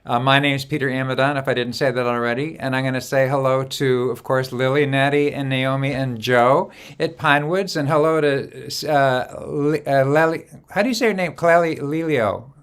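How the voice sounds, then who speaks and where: A man hosts a live online song gathering, his voice smooth and resonant at an ordinary pitch. He talks casually over a video call, greeting viewers one by one, with frequent hesitations. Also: steady tone, moderate pace, hardly any pauses, a bit bright. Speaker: host.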